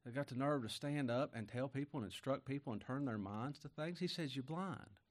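A man's voice: mid-range voice, brisk. Folksy preacher man. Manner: folksy, conversational preaching with rhetorical questions; swings between loud emphasis and quiet asides. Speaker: pastor. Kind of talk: sermon.

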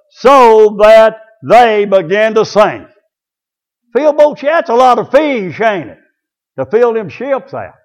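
A man preaching a folksy sermon, talking to his congregation by name and swinging from loud calls to low murmurs. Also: muffled recording.

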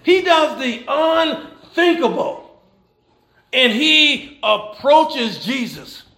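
A man preaching a sermon, animated and folksy, with rhetorical questions and repeated phrases. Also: very high-pitched, very slow, echoey room. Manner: folksy Southern American church phrasing. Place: church.

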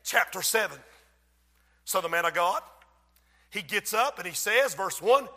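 A man preaching an impassioned sermon in a church, often rising to shouts. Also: high voice, lively intonation, a little slow, pauses often, long reverb tail.

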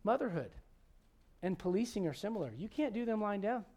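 A man's voice: high-pitched, animated, fairly quick, darkish tone. A man in his forties preaching a sermon, acting out Bible characters with humor. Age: 40s. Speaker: pastor.

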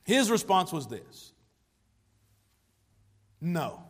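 Emphatic man preaching, pitched high, recorded in a big echoing hall. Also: expressive, normal speed. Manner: emphatic, varying pace and loudness for effect. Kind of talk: sermon. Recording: long hall reverb.

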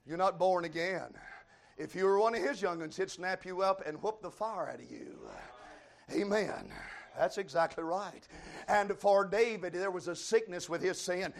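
A male preacher delivers a fiery revival sermon, his voice pitched very high for a man. He shouts his lines, and drawn-out "uh"s fill the gaps between them. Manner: shouting, with frequent drawn-out "uh" fillers.

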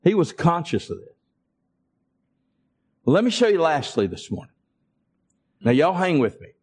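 A male pastor preaching a sermon, calling out to the congregation and building up to impassioned, near-shouted passages. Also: fairly high pitch, sing-song, a little slow, slightly rough. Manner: calls to the congregation in a Southern US vernacular.

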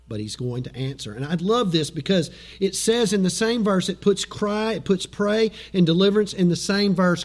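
A man preaching a sermon as pastor, animated, acting out quoted voices and chuckling as he goes. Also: high-pitched.

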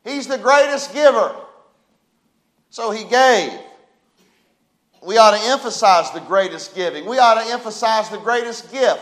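A man preaches from his pulpit in a notably high voice. He builds to emphatic peaks and throws questions out to the congregation. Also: animated, a little slow, long pauses, fairly bright tone, low-quality recording. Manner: preaching with rising emphasis and call-and-response. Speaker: pastor. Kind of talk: sermon. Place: church sanctuary.

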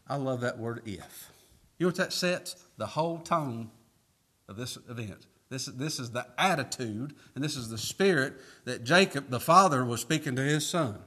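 Bright-voiced emphatic male preacher. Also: mid-range voice. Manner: folksy, emphatic preaching with scripture reading and rhetorical questions. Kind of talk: sermon.

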